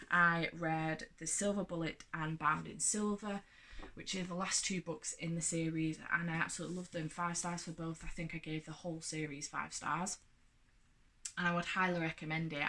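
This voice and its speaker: A woman's voice: lowish voice, pushed and bright. A woman vlogger talking casually and at length through her month of reading, rambling with lots of fillers and restarts. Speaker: book vlogger. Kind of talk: casual monthly book wrap-up chat.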